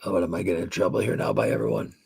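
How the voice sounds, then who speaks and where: A man's voice: on the low side, steady tone, very fast, vocal fry, darkish tone, husky. A middle-aged man hosting a livestream, chatting loosely with viewers, rambling with lots of fillers and swearing freely. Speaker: livestream host. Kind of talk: casual livestream chat with viewers.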